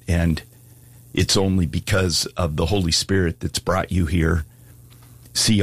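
Husky low-voiced male preacher. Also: dry recording. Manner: earnest, pleading, rising to fervent appeals. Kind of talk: sermon with altar call.

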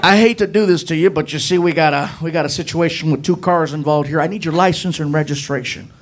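A man on stage voicing a friendly male highway patrol officer who apologetically asks for papers. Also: fast, close to an everyday voice. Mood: apologetic.

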